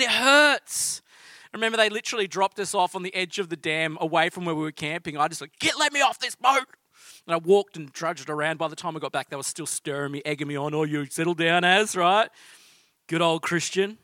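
A man's voice: on the high side, bright, forceful tone, no room sound. A man with an Australian accent preaching a sermon in a conversational, storytelling way. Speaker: pastor.

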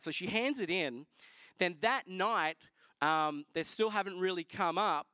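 Male pastor, lively storytelling sermon, high voice, dry sound. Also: a little slow, clear, resonant tone, dry recording. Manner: animated storytelling, voices others in quotes. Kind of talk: sermon testimony.

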